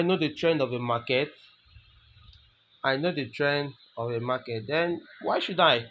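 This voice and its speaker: A man's voice: medium pitch, measured pace, a bit bright. A man talks through a trading lesson, hammering his points home with repeated rhetorical questions. His voice sits mid-range, and the recording is dull and lo-fi. A faint hiss runs underneath. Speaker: trading tutor. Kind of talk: screen-recorded trading tutorial.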